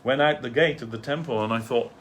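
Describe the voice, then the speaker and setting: During a devotional talk in a temple hall, a man with a medium-pitched voice speaks fairly quickly, telling a rambling, chatty anecdote and laughing at his own story. Slight background noise is audible.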